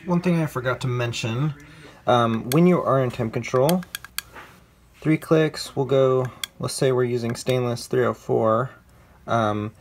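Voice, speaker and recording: A man casually walking viewers through a device's menu settings in a relaxed, conversational way, correcting himself as he goes. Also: medium pitch, measured pace, vocal fry, slight background noise. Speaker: product reviewer. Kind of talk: casual how-to demonstration.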